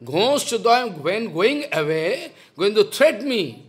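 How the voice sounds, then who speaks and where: A man's voice: high-pitched, very animated, takes it slowly. Impassioned older man scolding in a lecture. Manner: impassioned, scolding, repeats rhetorical questions. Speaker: spiritual teacher. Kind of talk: devotional lecture.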